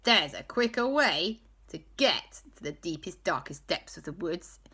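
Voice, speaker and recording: A cheerful, scatterbrained auntie pitches wild plans with total confidence. Her bright voice leaps high and swoops around, as a woman acts her out in a told story. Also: sing-song, measured pace, husky, full character voice. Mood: scheming. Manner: gushing, overconfident, rises to squeals.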